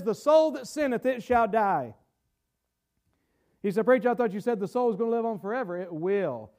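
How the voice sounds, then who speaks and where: High-pitched male pastor, sermon delivery, stammering repeats, bursts of loud emphasis. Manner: stumbles and repeats words, rising to shouts for emphasis. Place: church sanctuary. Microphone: camera-recorded.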